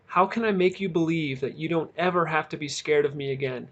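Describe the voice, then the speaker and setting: A battered teenage boy speaks with earnest, pained sincerity, his voice a touch higher than the reader's own. A man acts him out while reading a storybook aloud. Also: a little fast, fairly bright tone, lo-fi sound. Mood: earnest remorse.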